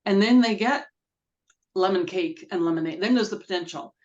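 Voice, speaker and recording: A woman's voice: mid-range voice, normal speed, a little mellow, highs cut off. A woman co-hosting a webinar, thanking the speaker in hesitant conversational remarks. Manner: hesitant, with fillers.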